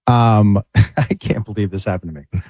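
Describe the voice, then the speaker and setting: A man's voice: lowish voice, moderate pace, no room sound. A man, a stand-up comedian guest, telling stories in casual chat and acting out the other people in them. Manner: animated, acts out other people's lines.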